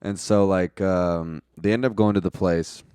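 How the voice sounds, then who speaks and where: A young man with a deep, low voice rambles through a movie plot in a loose, profane way, leaning on "like" and chuckling at his own jokes. It sounds close and dry, with no room around him. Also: fairly even intonation, unhurried, darkish tone, clear, resonant tone, no room sound. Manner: loose and profane, heavy use of "like". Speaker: movie reviewer. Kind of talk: casual movie recap.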